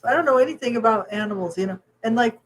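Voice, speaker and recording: A woman co-hosting a casual podcast chat who talks in a chatty way, laughs often and lets her sentences trail off softly. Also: fairly high pitch, rapid-fire, a little hiss or hum, rough recording. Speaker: podcast co-host.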